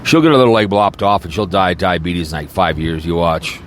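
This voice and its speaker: A man's voice: low-pitched, a little fast, a little hiss or hum. A man podcaster in a rambling, crude and mocking casual rant, talking from a car. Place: in a car, snowy weather.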